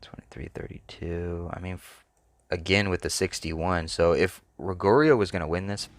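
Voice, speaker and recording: A low-voiced man speaks at a moderate pace with no room sound as he hosts a sports picks channel. Thinking aloud in relaxed solo commentary, he's tentative and frequently trails off.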